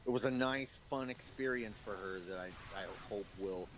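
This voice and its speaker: A man's voice: lowish voice, normal speed, background noise. A man chatting casually over a game, rambling with lots of fillers and frequent laughs. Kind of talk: casual chat while gaming.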